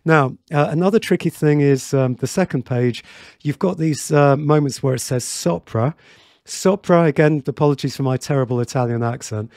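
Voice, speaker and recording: A man's voice: mid-range voice, a little fast, darkish tone, dry recording, clean studio sound. A man teaching a piano tutorial in a chatty way, with many fillers and restarts, counting beats aloud.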